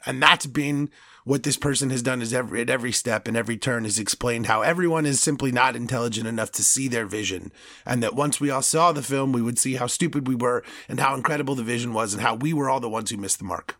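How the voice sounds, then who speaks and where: On his solo podcast, a man with a mid-range, fairly bright voice talks fast, ranting passionately and stammering into restarts when he gets worked up. It's recorded on a studio podcast mic, clean, with no room sound.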